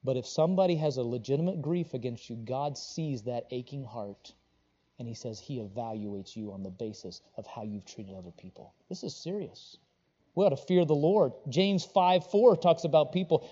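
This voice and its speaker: A man preaching a sermon, rising to loud, pressing emphasis and then dropping to low, earnest tones. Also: expressive, moderate pace, breathy edge, in a large hall, highs cut off. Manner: swings between loud preaching and quiet, low earnest talk. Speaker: pastor.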